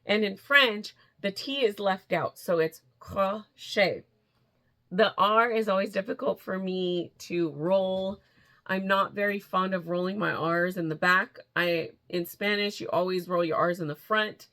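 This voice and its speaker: Middle-aged woman, casual vlogger, excitable and chatty, laughs often, loose restarting sentences. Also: mid-range voice, a little slow. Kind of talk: casual chat. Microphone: camera in front, steps back and forth.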